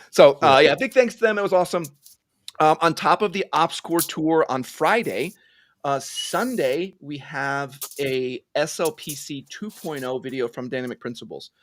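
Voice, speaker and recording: A man's voice: fairly high pitch, measured pace, no echo. A man co-hosting a casual podcast, telling stories with lots of laughs and filler "like". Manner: animated, laughing storyteller. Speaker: podcast co-host. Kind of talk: casual chat.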